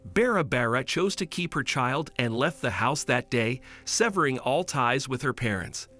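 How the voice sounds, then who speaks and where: Animated male story narrator. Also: mid-range voice, normal speed, soft background music.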